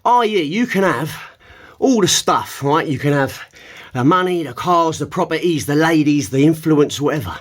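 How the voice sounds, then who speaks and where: A man talks to his viewers while holding a plank, his breath strained and sighing between phrases. His voice sits high for a man and swings widely in pitch, now and then bursting into emphatic shouts. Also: lively intonation, normal speed. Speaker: fitness vlogger.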